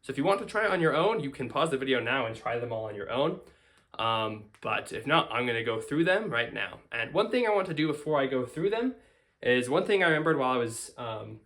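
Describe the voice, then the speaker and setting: A man's voice: mid-range voice, fairly bright tone. A man teaching a casual whiteboard grammar lesson, explaining step by step and repeating key forms. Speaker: language teacher.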